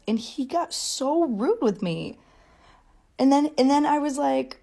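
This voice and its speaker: A woman's voice: mid-range voice, lively intonation, fairly quick, vocal fry, dark tone. An American woman telling a chatty storytime vlog and acting out both sides of the exchange. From United States.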